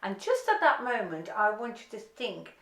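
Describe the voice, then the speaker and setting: A woman's voice: mid-range voice, sing-song, normal speed, creaky, fairly bright tone, roomy sound. A woman teaching an online violin lesson, giving encouraging step-by-step instructions.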